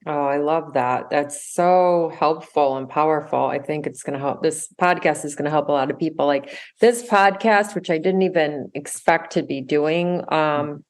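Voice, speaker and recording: A woman hosts a podcast in a casual, chatty way. She talks eagerly and rambles, restarting her sentences as she goes. Her voice sits fairly low for a woman. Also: normal speed, few pauses. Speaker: podcast host. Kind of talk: casual chat.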